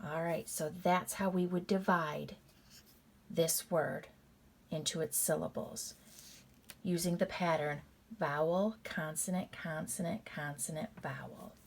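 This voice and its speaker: A woman teacher giving a recorded reading lesson. She goes through patterns deliberately, step by step, repeats them, and calls her students "you guys". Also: sits low, steady tone, gravelly.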